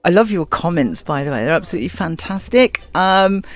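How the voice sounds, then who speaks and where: A woman's voice: fairly low pitch, animated, brisk. Chatty English woman hosting radio. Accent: southern English. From England. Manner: chatty, reads out listener comments. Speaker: radio host. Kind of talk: casual live-stream radio chat.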